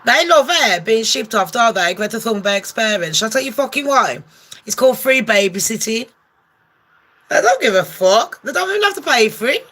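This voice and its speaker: A woman rattles off comic gossip commentary with a bright, sharp-edged voice. She is brash and sarcastic, swearing freely as she talks. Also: a little high, sing-song, moderate pace. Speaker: gossip vlogger.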